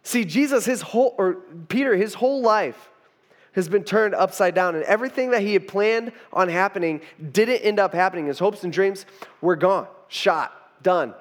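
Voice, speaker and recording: Guy pastor with a pretty high voice giving a chatty sermon, loose and rambly. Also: moderate pace, in a large hall. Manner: informal, rambling with frequent "you know" asides. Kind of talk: conversational sermon.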